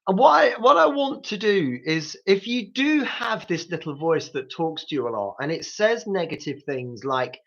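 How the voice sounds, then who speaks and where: A man's voice: on the high side, animated, moderate pace, creaky, hardly any pauses, a bit bright, dull audio. A man hosting a live grief support talk, coaching listeners directly with practical tips. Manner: coaching, speaks straight to listeners.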